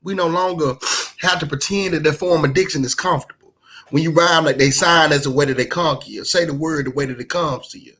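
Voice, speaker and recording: A man's voice: fairly high pitch, fairly quick, pushed and bright, slight background noise, low-quality recording. A man from Memphis with a Southern US accent, performing spoken word poetry in a rhythmic, emphatic rhyming delivery. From Memphis, Tennessee.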